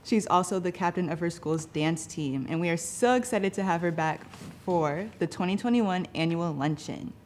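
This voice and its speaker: A woman's voice: lowish voice, moderate pace, darkish tone, slight background noise. A woman co-hosting an event, introducing a speaker with enthusiasm. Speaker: event co-host.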